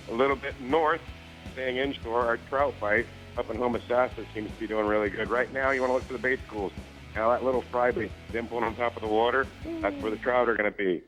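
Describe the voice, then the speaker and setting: A man's voice: mid-range voice, fairly bright tone, low-quality recording. A man hosting a regional fishing report, steadily listing spots, baits and species.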